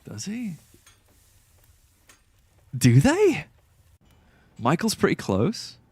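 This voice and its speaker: A man's voice: on the high side, huge pitch swings, drawn-out words, breathy edge, dry recording. A man streaming a game, chatting casually and greeting his viewers. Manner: chatty, reacts to and greets chat. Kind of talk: casual live-stream chat.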